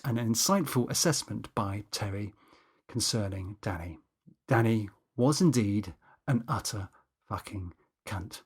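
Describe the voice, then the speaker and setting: A man's voice: medium pitch, slightly rough. A man narrating a comic audiobook in the first person, wry and exasperated, with swearing asides.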